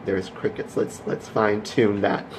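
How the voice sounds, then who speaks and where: A man vlogging, telling a rambling, animated story to his viewers that builds into a motivational pep talk. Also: fairly low pitch, unhurried, slight background noise, low-quality recording. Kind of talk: casual storytelling vlog.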